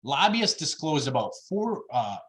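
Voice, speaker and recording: A man's voice: a little high, sing-song, unhurried, fairly bright tone. Guy on a zoom call pushing his campaign plan, pretty fired up, lots of ums. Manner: emphatic, gets worked up, many fillers. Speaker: party officer candidate presenting plans. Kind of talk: campaign pitch on a video call. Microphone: video call.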